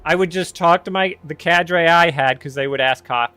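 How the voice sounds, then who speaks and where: A man's voice: fairly high pitch, moderate pace, pushed and bright, clean tone, no room sound, soft background music. A man casually telling a personal story on his podcast, rambling and correcting himself with wry candor.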